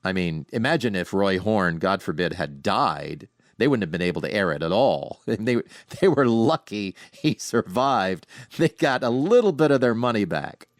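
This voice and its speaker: A middle-aged man hosting a podcast, casually telling animated anecdotes from home with frequent restarts. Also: lowish voice, normal speed, no echo, studio quality. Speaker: podcast host. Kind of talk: casual storytelling monologue. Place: home, sitting on a couch.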